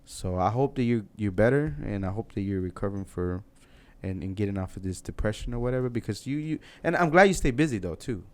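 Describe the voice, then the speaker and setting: A man's voice: on the low side, expressive, fast talker, hardly any pauses. A man hosting a casual podcast interview, laid-back and encouraging, laughing easily. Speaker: podcast host.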